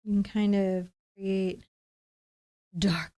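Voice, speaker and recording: A woman's voice: medium pitch, fairly even intonation, drawn-out words, mellow. A middle-aged woman giving a live acrylic painting lesson, chatting playfully while she paints. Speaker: painting instructor.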